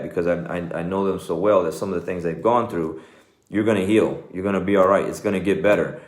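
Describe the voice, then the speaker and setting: A man's voice: low-pitched, steady tone, fast talker, reverberant. A middle-aged man with a Texan accent, a jiu-jitsu coach giving an earnest, conversational motivational talk. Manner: earnest, conversational, says "man" and "okay" often.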